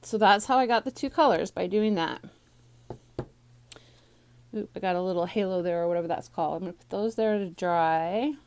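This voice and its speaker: A woman's voice: medium pitch, normal speed, pauses often, darkish tone, smooth. Chatty slightly breathless woman crafter. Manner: chatty, rambling, lots of ums and restarts. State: a little out of breath. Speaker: stamping demonstrator teaching a card class. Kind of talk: casual craft tutorial. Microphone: phone on a small tripod.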